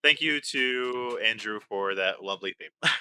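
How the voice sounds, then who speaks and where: A man's voice: mid-range voice, unhurried, pushed and bright, a little hiss or hum. A young man co-hosting a podcast, joking and playfully indignant, now and then swearing. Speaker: podcast co-host. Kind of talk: casual podcast banter.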